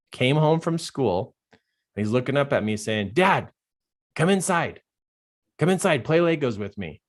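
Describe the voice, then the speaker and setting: Earnest man telling a personal story. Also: mid-range voice. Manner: earnest, drops to a hushed voice at dark moments and grows animated in others. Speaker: life coach giving a live talk.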